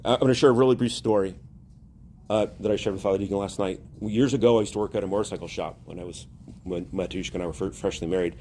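A man's voice: low-pitched, steady tone, fast, darkish tone, slight background noise. A male priest preaching a sermon, earnest and rising to emphatic exhortation.

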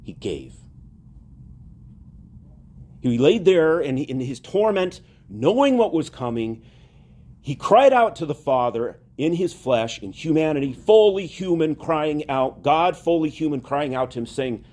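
A man giving a conversational sermon as a priest, animated and chatty, laughing now and then. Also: fairly high pitch, a little slow.

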